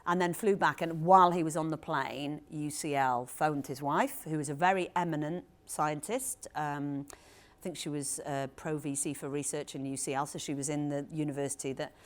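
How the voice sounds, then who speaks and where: A woman author in conversation at a live event, telling an anecdote in a lively, animated way with quick asides. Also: low-pitched. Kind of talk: storytelling talk at a live event. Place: event hall with audience.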